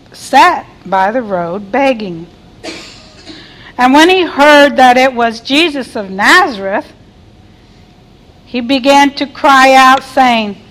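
A woman's voice: fairly high pitch, low-quality recording. A middle-aged woman preaching a sermon, reading scripture aloud and asking her listeners questions. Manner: reads scripture aloud and cries out quoted lines loudly.

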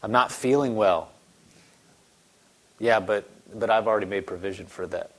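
This sermon comes from a man with a fairly low voice and a moderate pace. Earnest and conversational, he acts out the voices he quotes, starting lively and later settling into a quiet, gentle tone.

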